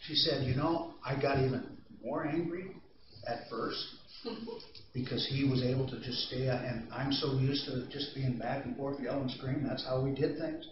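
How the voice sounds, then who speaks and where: A man's voice: on the high side, normal speed, a little hiss or hum. A man giving an anger-management training talk to a group, explaining ideas in a conversational way and telling stories with asides to the audience. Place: training room. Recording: distant echoey room mic, slightly dull.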